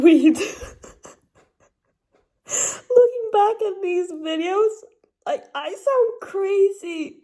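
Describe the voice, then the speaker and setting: A young woman narrates over her own footage in a slow, unhurried way. Her voice is mellow and slightly high, and her tone is laid-back and self-amused. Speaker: lifestyle vlogger. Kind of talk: voice-over commentary.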